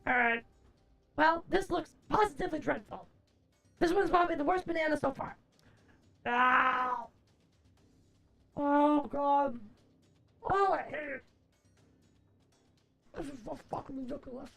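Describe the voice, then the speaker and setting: A woman streamer chatting casually, answering chat aloud, groaning, swearing and expressive. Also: sits high, a little slow, creaky, pauses often, faint music behind. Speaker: livestreamer.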